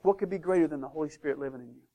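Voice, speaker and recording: A male pastor delivering a sermon in a fairly high voice. He drives his points home with loud emphasis, then drops to quiet asides. He keeps his congregation close. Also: very fast, gravelly, phone-quality sound. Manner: emphatic, swings between loud declarations and hushed asides.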